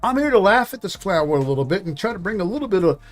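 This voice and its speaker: Sarcastic high-voiced man hosting commentary. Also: big pitch swings, racing, faint music behind. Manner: sarcastic, mocking, profane. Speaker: commentary show host. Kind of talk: reaction commentary.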